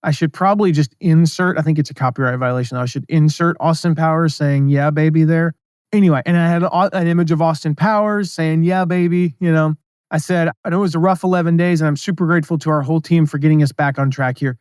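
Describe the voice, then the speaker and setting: A man hosting a solo business podcast, talking casually and reading his own emails aloud with quick asides. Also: a little high, steady tone, a little mellow, smooth, dry recording, clean studio sound. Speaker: podcast host.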